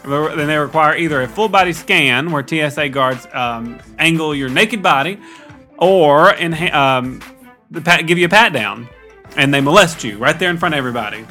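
A man with a fairly high, bright, tense voice, co-hosting a comedy show. He sets up jokes deadpan and giggles often. Faint music plays behind him. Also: normal speed. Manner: joking, giggly, deadpan setups. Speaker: podcast co-host. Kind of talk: comedic banter.

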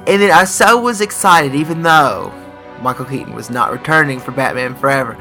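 A man in his thirties co-hosting a comedic podcast, speaking with a mock-earnest, drawn-out comic delivery. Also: medium pitch, pushed and bright, faint music behind. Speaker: podcast co-host.

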